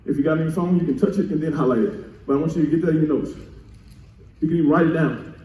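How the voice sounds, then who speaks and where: A male pastor preaching a sermon in call-and-response style, repeating key phrases and swinging from quiet teaching to shouted emphasis. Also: on the high side, racing, far from the mic, highs cut off. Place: church sanctuary. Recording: echoey church room.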